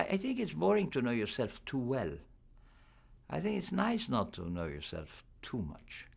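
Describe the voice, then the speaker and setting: A man's voice: deep voice, vocal fry. An older man, a film actor, giving a candid, reflective press interview.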